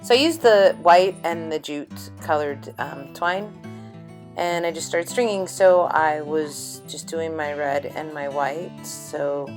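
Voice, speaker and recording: A woman's voice: low voice, takes it slowly, over music. A woman hosting a casual crafting vlog from her home craft table, chatty and rambling. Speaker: craft channel host.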